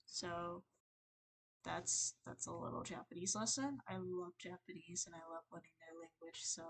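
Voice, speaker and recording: A young woman on a livestream, venting in a rambling, halting, earnest way, full of fillers and restarts. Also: fairly low pitch, fairly even intonation, a bit bright, breathy edge. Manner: earnest and emotional. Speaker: streamer.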